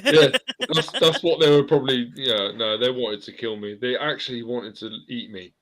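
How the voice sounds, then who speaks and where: A man in his forties hosting a casual live chat, an animated storyteller who laughs at his own tales. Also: mid-range voice, normal speed, over a noisy crowd. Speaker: host.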